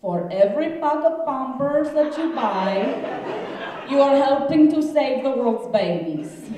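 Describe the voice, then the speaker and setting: A woman's voice: high voice, expressive, measured pace, noisy background, voice pushed up. Woman doing a heavily accented glamorous actress. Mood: mock-earnest. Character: glamorous actress with a thick Spanish-speaking accent. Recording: echoey club, distant mic, audience laughter.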